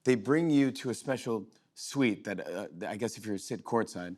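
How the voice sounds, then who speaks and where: A middle-aged man hosting a late-night show, telling a rambling, excited story full of restarts and fillers. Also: fairly low pitch, normal speed. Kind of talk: monologue, storytelling chat. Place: TV studio with live audience.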